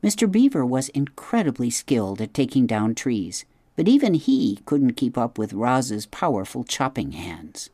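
A narrator reading a children's story aloud in a gentle, steady storytelling manner. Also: mid-range voice, normal speed, dry recording, studio quality. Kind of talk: audiobook narration.

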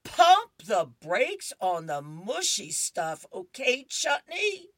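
A woman's voice: on the low side, very animated, takes it slowly, a bit bright, no echo, studio quality, exaggerated voice. A woman putting on a flustered comic-strip schoolboy. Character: young schoolboy brushing off a crush.

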